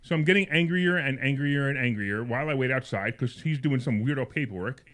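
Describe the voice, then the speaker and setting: A man talks fast on a radio studio mic, pitched right in the middle for a man. He rambles through a personal anecdote, restarting and repeating himself, his tone turning indignant as the story builds. It sounds like an unscripted host chatting on a call-in show. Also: expressive, a bit bright. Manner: grows heated and indignant as he tells it.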